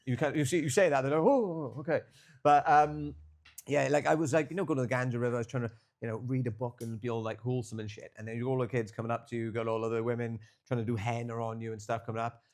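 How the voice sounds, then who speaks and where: A man's voice: medium pitch, fairly even intonation, quick pace, a little mellow. Rambling young man telling travel stories. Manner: rambling storyteller, swears freely, filler-heavy. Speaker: podcast co-host. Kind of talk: casual chat.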